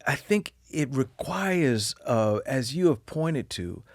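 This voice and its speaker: A man talks as a guest on a podcast, spinning personal stories with lively swings between quiet asides and loud emphasis. His voice sits at an ordinary middle pitch. The sound is close and dry, with no room echo. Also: slow pace. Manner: animated storyteller, lively swings in pitch and volume. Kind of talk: candid conversational interview.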